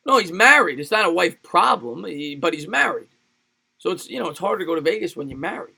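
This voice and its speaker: Excitable man doing live play-by-play. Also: high voice, brisk, gravelly, husky. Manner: excitable play-by-play calls, rambling chat between plays. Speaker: livestream sports host. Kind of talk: live play-by-play and chat with viewers.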